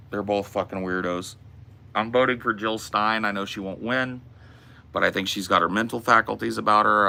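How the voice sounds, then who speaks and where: A man's voice: low-pitched, creaky, sharp tone. An American man hosting a casual Q and A, blunt and laid-back, swearing often. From United States. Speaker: podcast host. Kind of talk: casual Q and A with chat.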